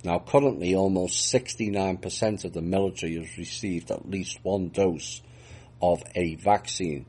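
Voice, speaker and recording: A man's voice: deep voice, normal speed, a little mellow, slightly rough. A man reading out news reports and adding dry, mocking remarks of his own between the items. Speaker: news commentator.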